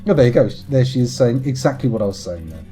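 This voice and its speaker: A man's voice: mid-range voice, expressive, quick pace, mellow, faint music behind. Rambling man streaming a game. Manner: rambling, wry and self-mocking. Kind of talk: casual live-stream chat while gaming.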